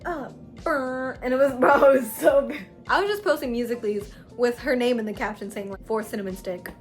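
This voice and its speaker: A young woman tells a story-time tale in slangy, animated talk, jumping between hushed asides and loud outbursts. Her voice sits a bit high, with soft music faintly underneath. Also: fast. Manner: slangy, animated, dramatic swings in loudness. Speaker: vlogger.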